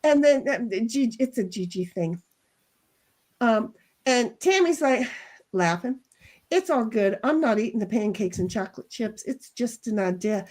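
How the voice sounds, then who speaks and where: A woman's voice: on the high side, lively intonation, a little slow, a little mellow. A woman hosting a casual livestream chat, playful and talkative, often repeating her words. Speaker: host. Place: home livestream.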